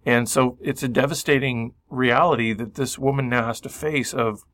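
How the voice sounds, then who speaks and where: A man's voice: medium pitch, steady tone, moderate pace, a bit bright. A man co-hosting a radio program, talking in an emotional, searching way about recovery, with many restarts. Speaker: radio show co-host. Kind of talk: reflective conversation.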